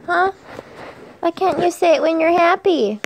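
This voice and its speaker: Woman, home-vlog mom, very high voice, unhurried, playfully teasing baby talk to a toddler. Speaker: mother talking to her toddler. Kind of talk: home vlog, talking to a child.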